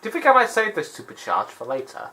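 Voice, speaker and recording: A man giving rambling, animated gaming commentary and laughing often. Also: sits high, fast talker, rough recording. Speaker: let's play host.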